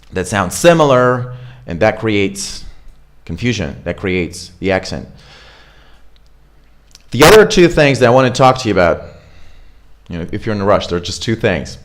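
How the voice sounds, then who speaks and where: A man, coaching pronunciation in a relaxed, chatty way. He models words slowly one by one and keeps asking "right?" to check that his listeners follow. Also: lowish voice. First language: Russian. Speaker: accent coach. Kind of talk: casual pronunciation lesson.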